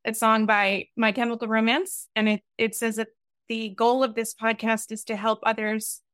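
A woman's voice: fairly high pitch, little pitch movement, moderate pace, fairly bright tone, dry recording, studio quality. A woman hosting a podcast, speaking in a heartfelt, emotional way. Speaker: podcast host. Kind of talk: podcast conversation.

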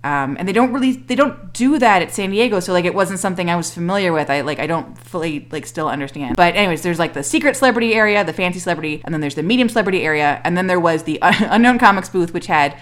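A woman's voice: fairly low pitch, animated, fast, few pauses. A woman co-hosting a podcast, chatting casually and rambling with lots of fillers and restarts, with dry self-mocking humor. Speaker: podcast co-host. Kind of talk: casual chat.

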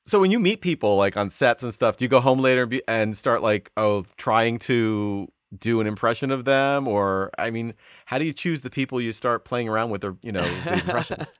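A man's voice: mid-range voice, animated, fairly quick, few pauses, no room sound, studio quality. A man hosting an interview podcast, easygoing and encouraging, asking questions and laughing along. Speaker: podcast host.

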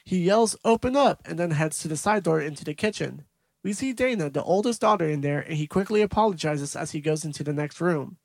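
Young guy on a movie podcast, kinda gravelly, higher voice, dry close mic, walks through the scenes. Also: brisk, darkish tone, no echo. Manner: recaps scenes in detail, laughs easily. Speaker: podcast co-host. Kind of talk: casual movie review chat.

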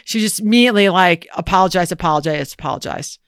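A woman's voice: a little high, lively intonation, moderate pace, fairly bright tone, dry recording, studio quality. A woman co-hosting an advice podcast, chatting casually with lots of laughter and fillers. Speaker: podcast co-host.

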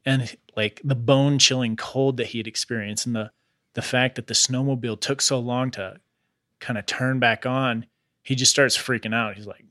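Bright-voiced man telling a story. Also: mid-range voice, normal speed, dry recording, studio quality. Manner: relaxed retelling with slangy asides like "bro" and "dude". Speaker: podcast host. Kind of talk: casual storytelling chat.

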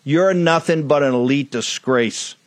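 A man hosts a political talk show in a fiery, blunt monologue. His voice sits a little high and sounds dry and close, with no room around it. He hammers his points with emphasis. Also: unhurried, no room sound.

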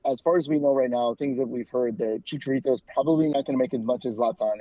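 A man from the United States, a soccer fan and podcast co-host, chats as a guest in a casual interview, his mid-range voice warm. The sound is lo-fi with no room sound, and he talks in quick bursts with lots of restarts and fillers.

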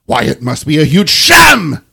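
A man putting on a British accent to voice an angry, pompous Victorian English gentleman in slow, booming, indignant proclamation. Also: wildly swooping pitch, gravelly, slightly rough, full character voice. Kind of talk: podcast character reading.

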